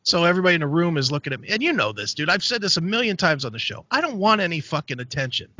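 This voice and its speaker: A man hosting a podcast, telling a story in a casual, profane, animated way. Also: a little high, rapid-fire, no echo. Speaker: podcast host. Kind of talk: casual chat. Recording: dry, dull lo-fi sound.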